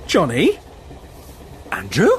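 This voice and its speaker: A man playing an excitable, vain magazine editor who gushes, giggles and stumbles over his words on a train. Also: medium pitch, slow pace, slight background noise. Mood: delighted.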